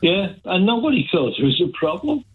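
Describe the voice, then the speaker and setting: A male caller phones in to a radio show and chats cheerfully, wandering a little as he goes. His voice is slightly husky. It comes over a narrow, tinny phone line. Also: high-pitched, very animated, brisk. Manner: chatty, cheerful, rambling. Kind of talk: phone-in call. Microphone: telephone line.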